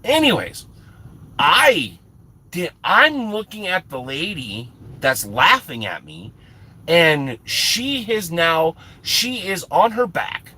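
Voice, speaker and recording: Husky man telling a rambling comic story. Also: a little high, slow pace. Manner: animated, exasperated, rambling with restarts. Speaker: channel host.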